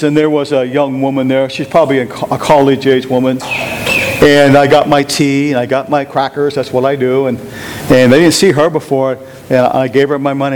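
A male pastor preaching a sermon, animated and emphatic, often putting questions to the congregation. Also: fairly high pitch, slight background noise, poor audio.

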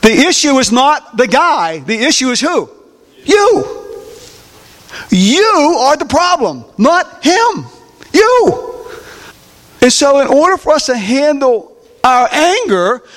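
A man preaching a sermon, animated, often asking the congregation questions and answering them himself. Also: high-pitched. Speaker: pastor. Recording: long reverb of a large hall.

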